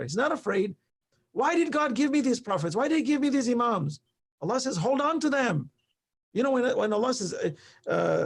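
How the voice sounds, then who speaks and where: A man's voice: very high voice, breathy edge. A man speaking as a guest on a talk show, earnest and emphatic, telling stories with quoted exchanges. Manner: animated storytelling with quoted exchanges. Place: live online show.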